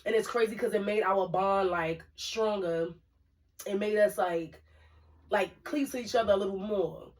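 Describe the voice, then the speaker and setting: A woman's voice: medium pitch, measured pace, darkish tone. A woman co-hosting a casual talk show, telling stories with lots of fillers and asides to the listeners. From Brooklyn, New York. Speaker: podcast co-host. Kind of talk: casual storytelling chat. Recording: voice a bit far from the mic.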